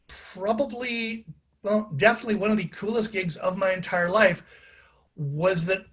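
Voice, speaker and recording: A man's voice: sits high, fairly bright tone, slightly rough. A man, an author and playwright, chatting casually to a live audience with self-deprecating asides.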